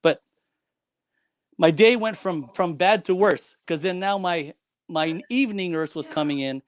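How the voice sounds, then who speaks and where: A man's voice: sits high, measured pace, no room sound, clean studio sound. A man who is a guest on the show, telling a personal story in an emphatic, dramatic way and repeating key lines.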